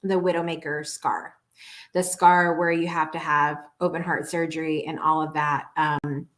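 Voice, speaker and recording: A woman's voice: low-pitched, little pitch movement, normal speed, fairly bright tone. A woman hosting a morning talk show, telling personal stories in an earnest way, with many restarts.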